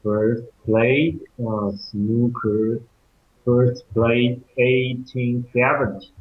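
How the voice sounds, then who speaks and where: Slow, halting man on a tinny call. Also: mid-range voice, flat delivery. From Taiwan. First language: Mandarin. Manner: hesitant, searching for words with many fillers and restarts. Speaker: language student. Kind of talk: online English conversation lesson. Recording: echoey, tinny call audio.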